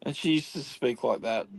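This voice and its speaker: A man chatting casually on a stream call, drawn-out and mumbling. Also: medium pitch, gravelly, slightly rough, dry recording, low-quality recording. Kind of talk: casual banter.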